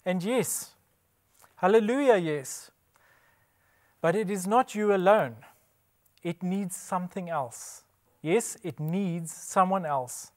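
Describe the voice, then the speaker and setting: A man's voice: high-pitched, slow pace, pauses often. A man giving a scripted religious presentation, emphatic, posing rhetorical questions and answering them himself. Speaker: Bible presenter.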